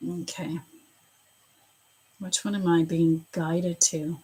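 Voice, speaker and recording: A woman's voice: on the low side, flat delivery, takes it slowly, warm tone, breathy edge. Chatty woman reading for live viewers. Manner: chatty, repeats and restarts, greets viewers by name. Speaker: psychic reader on a livestream. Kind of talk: live-stream reading, casual chat with viewers.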